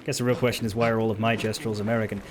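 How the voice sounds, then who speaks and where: A man's voice: on the low side, little pitch movement, rapid-fire, background noise. A man streaming a video game, making casual wry jokes about what happens on screen. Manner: joking, wry asides. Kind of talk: casual gameplay commentary.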